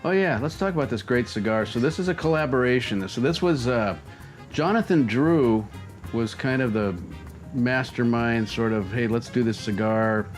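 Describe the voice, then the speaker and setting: A man's voice: mid-range voice, moderate pace, soft background music, low-quality recording. Easygoing teasing man co-hosting a cigar show. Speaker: co-host of a cigar review show. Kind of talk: casual chat.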